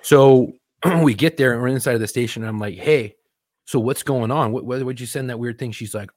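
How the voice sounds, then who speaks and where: A young man who works as a police officer and co-hosts a podcast tells a story in casual conversation, his mid-range voice moving fairly quickly. He swears a lot and acts out the quotes in an animated, profane retelling. The studio-quality recording has no echo.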